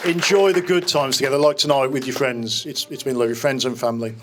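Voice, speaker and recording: Man, fifties, mid-range voice, speaking at a wedding reception; warm-hearted jokes and memories, casual restarts. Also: mid-range voice, steady tone, fast, a loud crowd, heavy background noise. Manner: fond, joking storytelling with small restarts. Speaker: wedding speaker standing in for the bride's father. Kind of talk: wedding speech.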